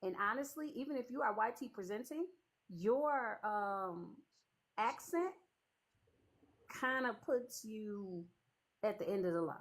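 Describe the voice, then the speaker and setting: A woman's voice: medium pitch, expressive, unhurried, pauses often, rough recording. A woman from the Chicago area with a mixed Southern and Midwestern accent, hosting a debate in a pointed, sassy way. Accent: Chicago-area mix of Southern and Midwestern. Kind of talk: casual debate.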